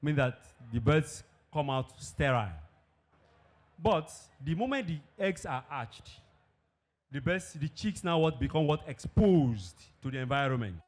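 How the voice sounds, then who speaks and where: A man's voice: fairly high pitch, animated, a little slow, darkish tone. Emphatic man giving a conference talk. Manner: emphatic, asks and answers his own questions. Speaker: presenter at an industry event. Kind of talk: conference presentation. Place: event hall.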